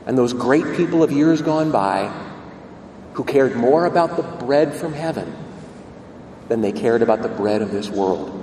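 A man's voice: mid-range voice, expressive, unhurried, warm tone, a little hiss or hum. A man voicing a friendly Irish village man with an Irish brogue, proudly telling local history, in an echoey church from a distance. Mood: proud, earnest.

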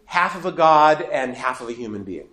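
A man's voice: medium pitch, lively intonation, normal speed, fairly bright tone. A man teaching a faith class to a live audience, emphatic and asking the room questions. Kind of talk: lively classroom lecture. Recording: echoey room.

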